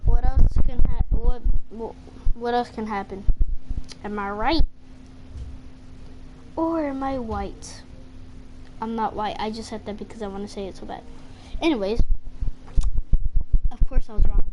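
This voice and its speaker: Slow, rambling young woman with background noise. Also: on the high side. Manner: rambling, full of fillers and swearing. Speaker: vlogger telling a personal story. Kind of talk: casual storytelling. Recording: noisy home recording.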